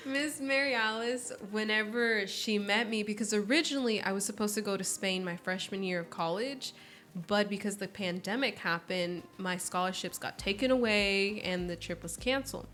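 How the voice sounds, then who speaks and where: A casual podcast interview features a woman in her early twenties whose medium-pitched, fairly bright voice moves at a moderate pace against soft background music. She tells her stories expressively and imitates quoted voices.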